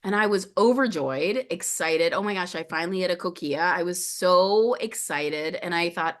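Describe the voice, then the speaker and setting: Lower-voiced woman telling a story. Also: moderate pace, few pauses. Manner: animated, acts out quoted voices. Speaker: podcast guest. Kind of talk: personal storytelling in conversation.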